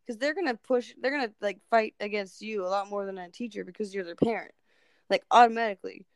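A woman's voice: mid-range voice, quick pace, no echo. A young woman chatting casually and bluntly, swearing freely and laughing often. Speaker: co-host of a live audio chat. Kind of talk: casual chat.

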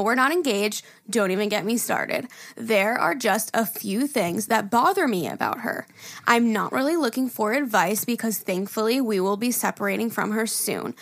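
A woman's voice: fairly high pitch, fairly bright tone. A woman co-hosting a casual podcast, reading listener emails aloud, laughing often and swearing casually. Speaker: podcast co-host.

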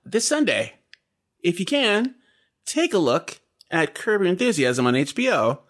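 Slow-talking, lively-pitched man making dry quips. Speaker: podcast co-host. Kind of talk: casual chat.

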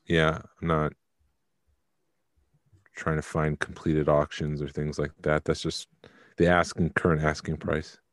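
A man co-hosting a casual podcast, talking in a very low, deep voice. He is chatty and jokey and reads figures out loud. The sound is close and dry, with no room echo. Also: level tone, unhurried, long pauses. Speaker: podcast co-host. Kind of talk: casual chat.

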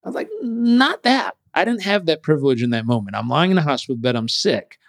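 A man telling a personal story as an interview guest, animated and acting out what others said. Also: medium pitch, dry recording, studio quality.

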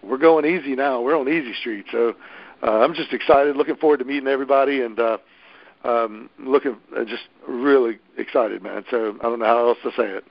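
A man's voice: mid-range voice, a little fast, vocal fry, dry recording, dull audio. A man organizing a hosted event, chatting casually and enthusiastically with many restarts. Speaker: local event host organizer. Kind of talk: casual podcast chat.

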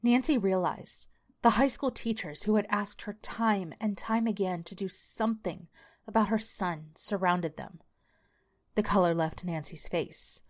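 A woman narrating a scripted horror story for a storytelling podcast in a steady manner. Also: medium pitch, measured pace.

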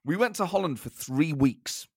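A man with a fairly high, very lively voice tells a story on a podcast with self-mocking humour. He is from Nottingham, England, and chats casually with his co-host. The sound is close and dry. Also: normal speed, gravelly, husky, no room sound. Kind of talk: casual chat.

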